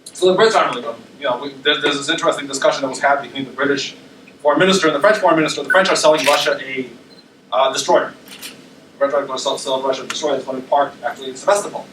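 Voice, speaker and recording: A man's voice: medium pitch, very fast, a bit bright, a little hiss or hum. A male university lecturer giving a conversational presentation, dotted with ums and tag questions like "right?". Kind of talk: academic presentation. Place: lecture room. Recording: roomy echo, speaker far from mic.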